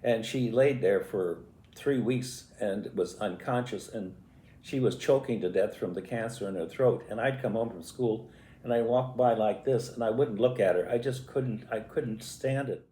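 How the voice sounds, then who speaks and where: A man's voice: on the low side, warm tone. Elderly man recounting memories, roomy echo. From US Midwest. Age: 80s. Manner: halting, reflective and emotional. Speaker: vlogger telling his life story. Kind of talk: personal storytelling. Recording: echoey room.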